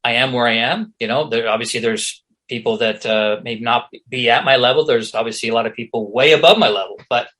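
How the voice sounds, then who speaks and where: A middle-aged Canadian actor and comedian, appearing as a guest, tells casual anecdotes in a mid-range voice at a fairly quick clip with hardly any pauses. He's an animated storyteller who acts out the voices of the people he quotes.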